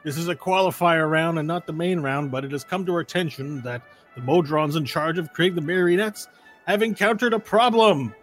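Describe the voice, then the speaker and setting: A man's voice: a little fast, fairly bright tone, faint music behind, close to an everyday voice. Man doing a brassy tournament announcer. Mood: announcing. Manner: booming, showy announcer patter. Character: excitable tournament announcer on an intercom.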